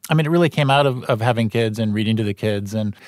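Guest author, man, rapid and eager, fairly low pitch. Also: dry recording, studio quality. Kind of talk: interview answers.

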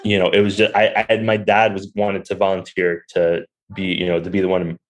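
In low-quality audio, a deep, fairly quick voice with little pitch movement tells a candid personal story. The speaker is a young restaurant owner appearing as a podcast guest, rambling conversationally and using lots of fillers.

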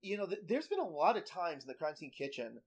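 A man's voice: a little high, big pitch swings, fast talker. A young adult man co-hosting a podcast, chatting casually with frequent laughs, fillers and restarts. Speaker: podcast co-host. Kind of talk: casual chat recapping a TV baking show.

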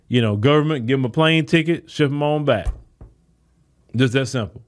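A man's voice: medium pitch, normal speed, pauses often. A man hosting a solo podcast, giving impassioned commentary in with rhetorical questions to his listeners. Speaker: podcast host.

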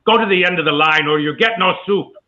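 A man's voice: on the high side, fast, pushed and bright, roomy sound, pitched above the performer's own voice. A man plays a stern, militant male soup vendor, bossy and scornful, with a thick Middle Eastern accent. He barks his commands in a raised, pushed-up voice. The sound comes through a narrow, tinny phone-like line. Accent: Middle Eastern, imitated.

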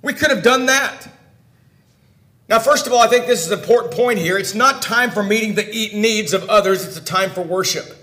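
A man delivers a sermon in a high voice, pressing his listeners with direct questions. He swings between loud emphasis and hushed, quiet lines. The room around him is echoey. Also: fast talker, few pauses. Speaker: preacher.

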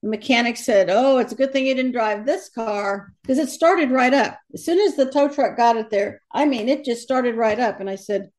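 Animated storyteller woman, slightly high voice. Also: normal speed, hardly any pauses. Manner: animated storyteller, quotes others in lively voices. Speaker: guest, medium who crosses over the dead. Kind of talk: storytelling in a conversational interview.

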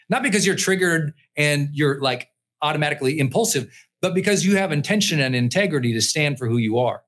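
A middle-aged man hosting a podcast, giving an energetic, emphatic motivational talk and listing numbered points. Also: a little high. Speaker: podcast host.

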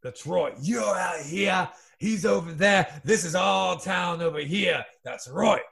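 A man voicing a brash character in a British-style sitcom within the sketch, shouting "oi" with an exaggerated fake accent that keeps shifting. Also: sits high, takes it slowly, vocal fry, exaggerated voice. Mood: rowdy.

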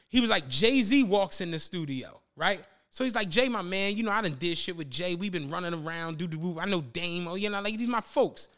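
A man's voice: sits high, animated, fairly quick, few pauses, a bit bright. A man hosting a podcast, telling a story in casual chat and acting out the quotes, with lots of profane slang. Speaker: podcast host.

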